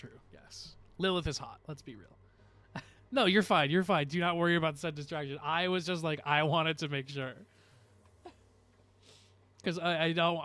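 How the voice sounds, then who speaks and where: A man's voice: on the high side, a bit bright, clean tone. A man streaming live, chatting casually and rambling to his viewers with frequent laughs.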